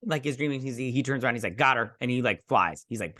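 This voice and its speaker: A man's voice: mid-range voice, fairly quick, few pauses, sharp tone. A young man from Michigan casually recapping a TV episode, rambling and acting out characters' lines as he goes. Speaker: host.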